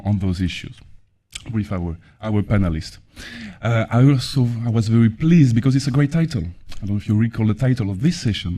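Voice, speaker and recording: A man with a thick French accent opens a conference panel in a formal register. His voice sits a little low and sounds mellow and dark. He stumbles often, filling gaps with uh and um and restarting his sentences. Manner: halting, many fillers and restarts. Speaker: panel chair.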